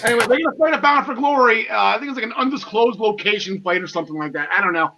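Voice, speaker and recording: A man's voice: sits high, racing, dull audio, background noise. A man hosting a casual wrestling podcast, enthusiastic and laughing often, with lots of fillers and restarts. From half Irish. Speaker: podcast host.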